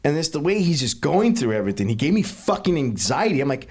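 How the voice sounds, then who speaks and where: A man's voice: on the high side, very animated, fast talker, a little mellow, husky. A man hosting a podcast, chatting casually and telling stories with plenty of swearing. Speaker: podcast host.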